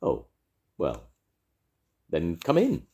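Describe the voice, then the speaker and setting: A man's voice: low voice, wildly swooping pitch, extremely slow, darkish tone, exaggerated voice. An older man voicing a fussy, cautious male rabbit in a storybook, prim and a little stern.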